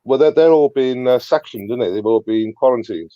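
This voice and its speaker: A man's voice: medium pitch, a little fast, no room sound, highs cut off. A man from Britain chatting casually on a live stream panel, rambling and hesitant. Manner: rambling, hesitant with fillers and restarts. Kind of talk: casual chat.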